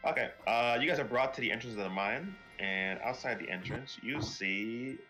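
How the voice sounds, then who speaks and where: A man narrating a tabletop game as dungeon master, often laughing and pausing with fillers. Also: mid-range voice. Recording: soft music behind.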